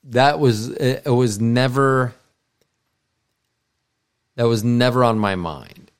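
A middle-aged man co-hosting a podcast, talking in a casual, meandering way with frequent restarts and self-corrections. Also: mid-range voice. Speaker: podcast co-host. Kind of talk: casual rambling monologue.

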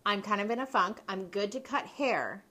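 A woman's voice: mid-range voice, moderate pace, sharp tone. Woman, podcast host, hairdresser, casual chat, candid, rambling.

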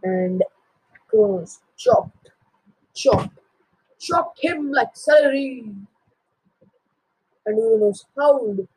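A man's voice: extremely high pitch, lively intonation, takes it slowly, long pauses, darkish tone, slightly rough, no echo, rough recording. A teenage boy casually retelling a myth, with jokey asides and self-corrections. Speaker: storyteller.

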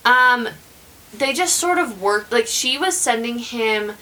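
Young woman host rambling thru a true crime story, slow, lots of um and like, bright voice. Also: on the high side, animated, poor audio. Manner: rambling, many fillers and restarts. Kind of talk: casual true crime chat.

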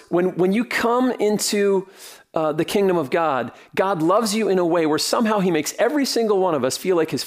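A middle-aged man preaching a sermon as pastor, earnest and rhythmic, often dropping to a soft, quiet delivery. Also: a little high.

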